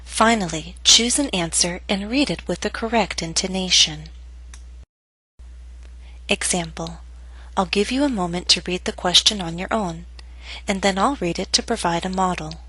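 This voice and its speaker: A woman teaching English pronunciation in scripted narration, reading model phrases slowly and clearly. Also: fairly low pitch, sharp tone, dry recording, low-quality recording.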